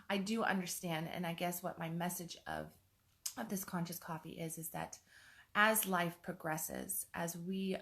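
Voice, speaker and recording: A woman's voice: fairly low pitch, gravelly, a bit bright. A woman in her forties, a life coach, talking candidly in a rambling, raw way and swearing freely. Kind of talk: casual vlog monologue.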